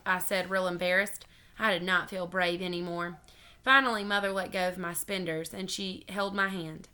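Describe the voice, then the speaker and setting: A woman teacher reads a children's chapter book aloud to her class in a friendly, lively way. Her voice is very bright and clear, at an ordinary pitch for a woman, with some hesitant ums between sentences. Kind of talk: reading a storybook aloud to students.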